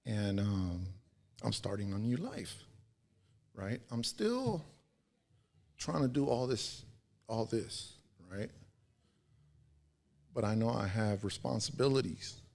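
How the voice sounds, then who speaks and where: Gravelly low-voiced man telling stories. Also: sing-song, slow pace, pauses often, a little mellow. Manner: laid-back, slangy, swears, checks in with "right?". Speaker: podcast guest. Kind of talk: casual storytelling.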